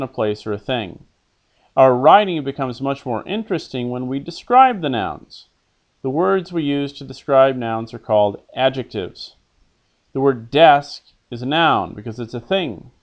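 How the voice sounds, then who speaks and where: With an expressive, medium-pitched voice at a measured pace, a man leads an elementary Latin lesson in a muffled recording. He patiently has a pupil repeat phrases, translates them, and asks questions he answers himself.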